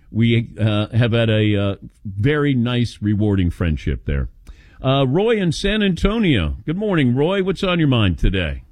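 A man's voice: mid-range voice, no echo. A man hosting a sports call-in radio show, telling stories and acting out the quotes. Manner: animated storyteller acting out quotes.

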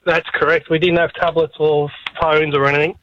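A man's voice: a little high, little pitch movement, a little fast, a bit bright, highs cut off, a little hiss or hum. A man, calling in to a radio show and talking bluntly with casual swearing. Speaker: caller. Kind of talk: casual phone chat.

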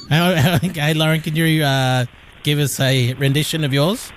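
A man's voice: fairly high pitch, fairly even intonation, a little slow, slight background noise. Giggly radio co-host man. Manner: giggly, playful. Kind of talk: casual radio chat with callers.

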